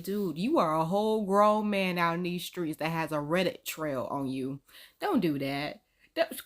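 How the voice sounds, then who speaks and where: Sassy woman reacting, laughing. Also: fairly low pitch. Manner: sassy, expressive, laughs often. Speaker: reaction video host. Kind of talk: casual reaction commentary.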